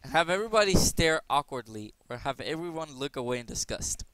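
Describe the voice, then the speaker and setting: A man's voice: fairly high pitch, lively intonation, brisk, fairly bright tone, clear, resonant tone, no echo. A young man hosting his channel, rambling and joking his way through quiz questions, now and then breaking into silly voices. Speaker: gaming channel host. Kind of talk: casual commentary playing a quiz game.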